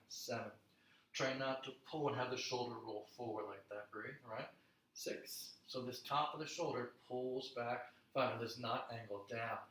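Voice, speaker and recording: A man leading a guided strength workout, counting reps calmly and encouraging the class. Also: mid-range voice, slight background noise. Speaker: strength instructor. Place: home studio. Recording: echoey room, mic at a distance.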